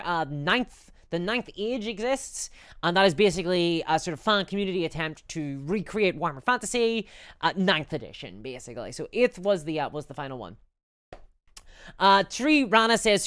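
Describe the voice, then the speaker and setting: Woman, live-stream chat, lower voice, lively pitch, smooth and clear, dry close sound. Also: no room sound. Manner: rambling, stumbling over words, laughs often.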